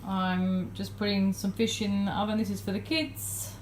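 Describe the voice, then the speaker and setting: A woman's voice: mid-range voice, little pitch movement, normal speed, very noisy. A woman in her thirties with an Australian accent, casually narrating a daily vlog from her home kitchen in a rambling, chatty way. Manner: chatty, rambling, many fillers. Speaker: vlogger.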